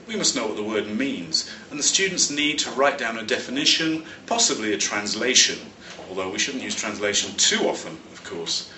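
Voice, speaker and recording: Recorded slightly off-mic in a roomy, echoing space with a little background noise, an English teacher and teacher trainer from London explains vocabulary. His bright voice moves through lively pitch swings, and he is clear and measured, leaning on important words.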